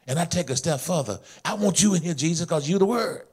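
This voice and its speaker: A middle-aged man preaching a sermon as pastor, fervent and rhythmic, swinging between soft confiding passages and shouted climaxes. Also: a little high, animated, quick pace, hardly any pauses, slightly rough. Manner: preaching in a fervent call-and-response style, rising to shouts.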